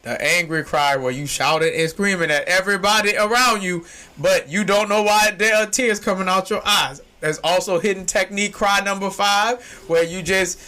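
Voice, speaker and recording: A man hosting a podcast in casual chat, rambling and joking in slangy talk, now and then breaking into loud shouts. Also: high voice, moderate pace. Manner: uses informal slang. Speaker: podcast host.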